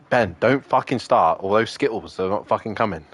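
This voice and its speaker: A man's voice: lowish voice, a little slow, fairly bright tone, a little hiss or hum. A young man streaming a racing game and chatting casually with friends, swearing constantly and ranting in exasperation. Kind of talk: casual gaming chat with friends.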